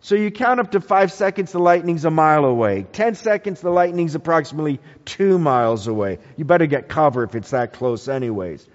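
A man preaching a sermon, animated, asking the congregation questions. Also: a little high, a little fast, hardly any pauses. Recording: echoey hall, dull lo-fi sound.

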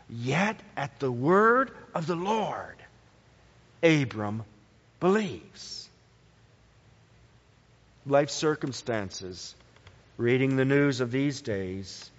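A man preaching a sermon slowly and emphatically, his pitch swinging widely to stress key words. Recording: dull lo-fi sound in a reverberant hall.

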